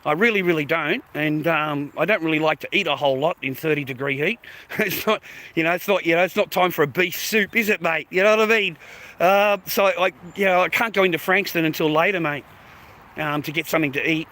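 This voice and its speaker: Bright-voiced rambling Australian man. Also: on the high side, brisk. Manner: chatty, rambling, peppers speech with "mate" and "bro", swears. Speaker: live streamer. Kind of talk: rambling walk-and-talk live stream. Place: outdoors, walking along streets. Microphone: phone held while walking.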